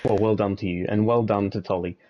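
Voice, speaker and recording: A man giving calm, analytical co-commentary on a sim race, with small restarts. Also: on the low side, a little fast, highs cut off. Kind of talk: live sim racing commentary.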